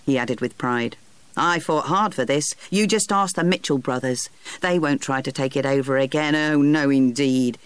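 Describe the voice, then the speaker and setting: A storybook narrator voicing a proud, streetwise urchin boy who talks in a boastful, brisk way. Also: mid-range voice, dry recording, natural voice.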